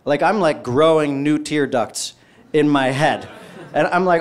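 A man's voice: fairly high pitch, moderate pace, crowd noise. A male stand-up comedian telling a long story and acting out both sides of the dialogue.

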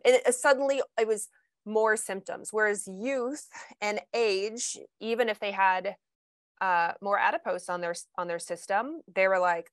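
A woman's voice: medium pitch, moderate pace, fairly bright tone, no room sound. A woman hosting a casual interview, talking earnestly and animatedly about her past patients. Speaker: host.

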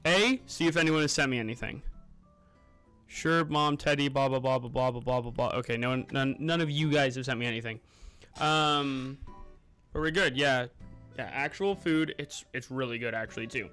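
A man's voice: mid-range voice, moderate pace, pushed and bright, clear, resonant tone. A young man streaming a game live, chatting casually and greeting viewers by name as he plays and eats. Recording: music playing underneath.

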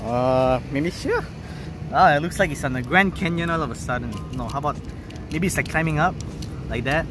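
A man's voice: fairly high pitch, moderate pace, over music. A man vlogging casually outdoors, thinking aloud with laid-back slang as he sets up photos. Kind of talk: casual narration while shooting photos.

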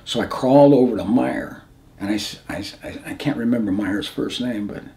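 A man in his seventies from the United States, telling war memories in an interview in a halting, plain-spoken way, often restarting, his voice going hushed at grim moments. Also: on the low side, creaky. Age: 70s. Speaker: veteran interviewee. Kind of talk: recounting combat memories in an interview.

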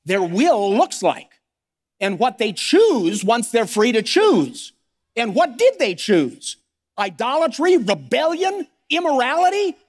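A man's voice: extremely high pitch, in a large hall. A man preaching a sermon as pastor, firing off rhetorical questions and acting out the voices of struggling believers. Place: church sanctuary.

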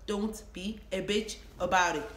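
A woman's voice: mid-range voice, a little slow, reverberant, a little hiss or hum, poor audio. A young adult woman with a Nigerian accent, ranting to camera in a vlog, blunt, mocking and full of swearing. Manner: blunt, profane, emphatic, mocking. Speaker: vlogger.

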